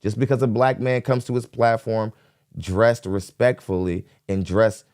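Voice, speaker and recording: A man hosting a live podcast stream, giving energetic shout-outs to viewers and then talking plainly to them. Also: lowish voice, unhurried, no room sound, studio quality. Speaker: podcast host. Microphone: dynamic studio mic. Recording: hip hop music underneath.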